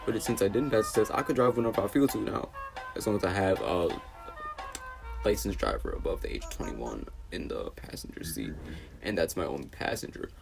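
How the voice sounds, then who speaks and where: A man's voice: low-pitched, lively intonation, brisk, creaky, over music. A teenage young man from New City, telling an exasperated storytime vlog full of fillers and restarts. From New York City. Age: teens. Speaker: vlogger.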